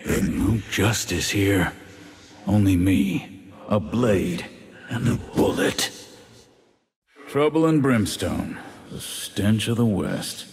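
Grim demon cowboy swordsman, gravelly drawl, very slow, game voice lines, long hall reverb. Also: big pitch swings, full character voice. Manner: low drawling gravelly delivery, bursts into shouts. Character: brooding gritty demon cowboy swordsman, man.

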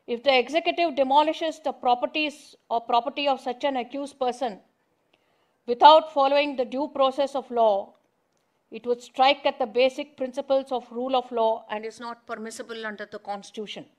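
A middle-aged woman with an Indian accent, a judge giving a formal legal address in a measured, deliberate way. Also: high-pitched. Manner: measured, deliberate, reads out quoted passages.

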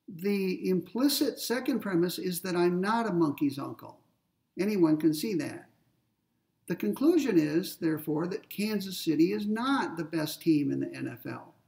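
A man's voice: high voice, creaky, dark tone, distant mic. A man giving a philosophy lecture, explaining step by step with everyday examples and checking in with his listeners. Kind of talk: recorded ethics lecture.

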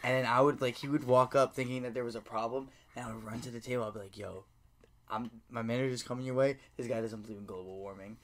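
A young man co-hosting a podcast, joking brashly, swearing and telling animated stories in casual chat. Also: mid-range voice, fast. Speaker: podcast co-host.

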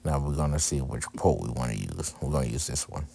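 Very deep-voiced man joking through a craft. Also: animated, brisk, gravelly, mellow, husky. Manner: candid, joking, self-deprecating. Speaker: husband narrating a craft video. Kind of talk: casual voice-over narration.

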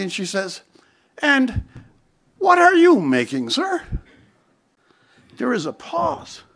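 A man's voice: high-pitched, fairly bright tone. A man with a Newfoundland accent giving a humorous storytelling speech at a conference, witty and theatrical with sudden emphatic asides. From Newfoundland, Canada. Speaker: conference speaker. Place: conference hall before a live audience.

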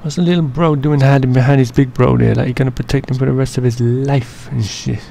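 A man's voice: mid-range voice, fairly even intonation, quick pace, vocal fry, warm tone, a little hiss or hum. A man narrating an editing session in a casual, joking way, full of slang and swearing, and rambling as he works. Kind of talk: casual profane screen-recording commentary.

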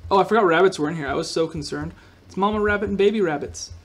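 Goofy high-voiced man playing a game. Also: rapid-fire. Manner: goofy, rambling, talks to himself and viewers. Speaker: gaming video host. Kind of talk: solo gameplay commentary.

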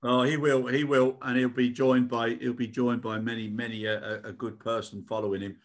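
A British man co-hosts a relaxed podcast conversation at an ordinary male pitch. He talks earnestly. He often repeats a word or two as he gathers his thoughts. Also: brisk. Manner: earnest, repeats words as he goes. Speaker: co-host. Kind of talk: casual podcast chat.

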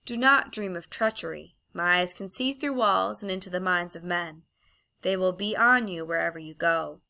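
A haughty witch queen who gives orders with cold scorn, voiced by a woman reading an audiobook. The voice sits low and gravelly, with a bright edge to it. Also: moderate pace. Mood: commanding. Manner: commanding, contemptuous.

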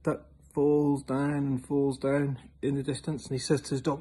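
A man with a husky voice tells a long joke. His pitch sits in the middle range. His delivery is animated, swinging between loud and hushed. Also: moderate pace. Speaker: joke teller.

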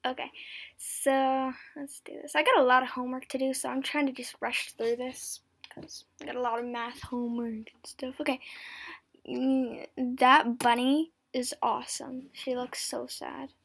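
A high-voiced girl talks over her game in an easygoing, unhurried way, her words a little altered by brand-new braces. She giggles and slips into whispers now and then, with soft mouse clicks in the background. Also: gravelly, husky. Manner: giggly, chatty, often drops to a whisper. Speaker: gameplay commentator. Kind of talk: casual game commentary.

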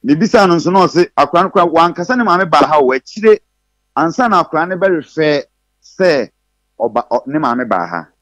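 A Ghanaian man on a radio counselling show, telling his side in halting speech full of restarts. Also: a little high, lively intonation, a bit bright, no room sound. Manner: halting, restarts while recounting. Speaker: complainant guest.

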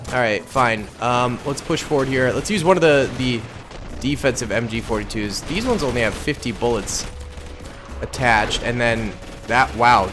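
A young man giving excitable, casual commentary over a battle game, with sudden loud outbursts and slang. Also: mid-range voice, noisy background. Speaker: gaming YouTuber.

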